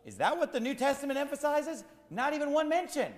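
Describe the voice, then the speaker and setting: Emphatic high-voiced man preaching in echoey hall. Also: sing-song, fairly quick. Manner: rhetorical questions, repetitive emphatic cadence. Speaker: pastor. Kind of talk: sermon.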